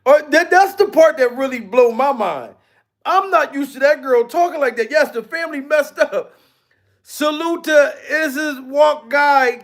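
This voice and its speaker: High-voiced incredulous male comedian. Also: gravelly. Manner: animated, incredulous, swears freely. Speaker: comedian and livestream host. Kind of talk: comedic commentary on a livestream.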